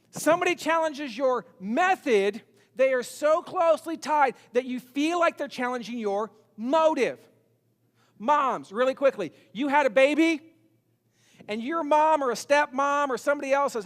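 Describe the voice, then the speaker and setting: Guy preaching a sermon, high voice, chatty and repeats himself, big church echo. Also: animated, moderate pace. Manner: conversational, repeats words, acts out quotes. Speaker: pastor. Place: church sanctuary. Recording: long reverb of a large church hall.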